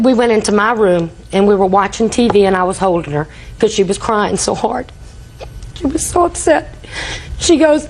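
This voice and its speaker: A woman's voice: medium pitch, rough recording. An older woman testifying in a TV courtroom, telling a rambling story and acting out quoted dialogue. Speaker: litigant.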